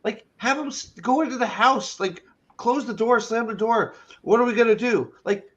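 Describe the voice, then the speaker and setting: A man's voice: very high voice, moderate pace, fairly bright tone, lo-fi sound. A man co-hosting a casual podcast chat, ranting and swearing with lots of restarts. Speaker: podcast co-host.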